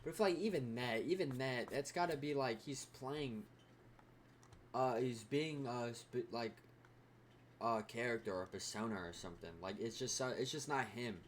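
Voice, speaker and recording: Casting: young guy, mid-pitched, rambling reaction-video host, cusses freely. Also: normal speed, slight background noise. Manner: rambling, full of "like" and swearing. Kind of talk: casual reaction commentary.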